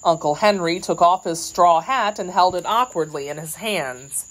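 A woman narrating a classic children's storybook in a measured, expressive way. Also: medium pitch, rough recording. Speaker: audiobook reader.

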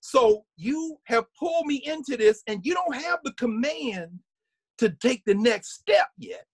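Husky man lecturing with lively pitch. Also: unhurried, no room sound. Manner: lively, restarts often, hums and sings snippets. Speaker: guest lecturer. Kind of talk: animated conversational lecture.

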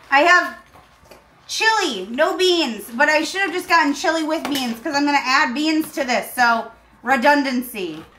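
A woman hosting a comedic cooking tutorial in her home kitchen, talking in an aggressive, deadpan, complaining way while uncomfortable in a costume. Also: high-pitched, reverberant, a little hiss or hum. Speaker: cooking show host.

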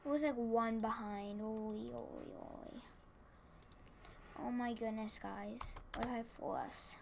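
Excitable woman gamer, gravelly edge. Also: on the high side, a little slow, slight background noise. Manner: excitable, rambling, exclaims and repeats words. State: tired. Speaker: gaming channel host. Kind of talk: casual gameplay commentary. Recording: keyboard clicks and typing behind.

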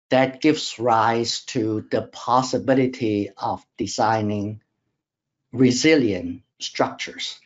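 A man delivering a technical lecture over slides, at an ordinary middle pitch. He explains in a measured, step-by-step way, pausing on fillers and restarting phrases, and the audio is slightly dull and lo-fi. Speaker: webinar presenter.

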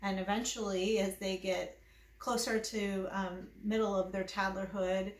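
A woman's voice: medium pitch, little pitch movement, unhurried, echoey room. A woman, a children's librarian, leading a baby storytime from home, coaxing little ones with sing-song questions and delighted gasps. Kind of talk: baby storytime reading and rhymes.

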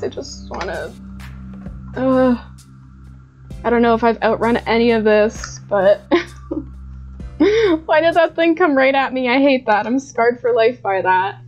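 A woman's voice: fairly high pitch, slow pace, long pauses, a little mellow, dull audio, soft background music. A woman streaming a horror game, swearing and laughing at her own scares as she comments. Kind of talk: live gameplay commentary.

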